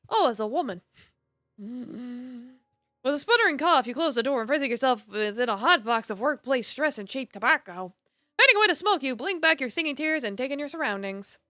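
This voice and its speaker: A woman streamer with a high, bright voice reads a game's story aloud, swinging her pitch widely as she narrates. She drops into casual asides to her chat between passages. The sound is dry and close, with faint game music underneath. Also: a little fast, dry recording. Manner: expressive narration broken by casual asides and laughs. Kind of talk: reading a visual novel aloud on stream.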